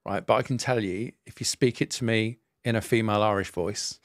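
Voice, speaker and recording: A man's voice: lowish voice, fairly quick, no echo, clean studio sound. A man co-hosting a casual podcast, musing in a playful way. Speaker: podcast co-host.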